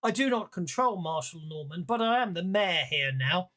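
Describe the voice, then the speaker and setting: A man's voice: sits high, lively intonation, normal speed, sharp tone. A man playing a genteel frontier mayor. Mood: apologetic. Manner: polite, formal old-fashioned speech. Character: middle-aged male mayor, genteel and smooth-talking.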